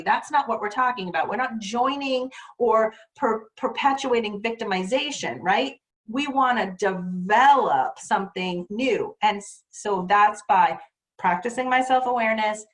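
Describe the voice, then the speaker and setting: A woman presenting a teacher training session, talking earnestly and animatedly with frequent rhetorical questions. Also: a little high. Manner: earnest, animated, acts out quoted dialogue. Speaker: workshop presenter.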